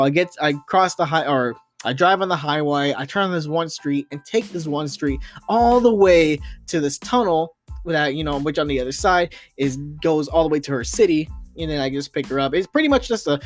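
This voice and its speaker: A young man hosting a podcast, telling a long story in a rambling, exasperated way, full of fillers and restarts. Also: a little high. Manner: exasperated ranting, swears softly. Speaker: podcast host. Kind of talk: casual late-night storytelling monologue.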